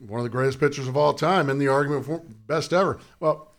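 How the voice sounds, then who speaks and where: This guest, a middle-aged man who used to play first base in pro baseball, talks quickly in a mid-range voice. Telling a story in casual chat, he's animated and laughs throughout.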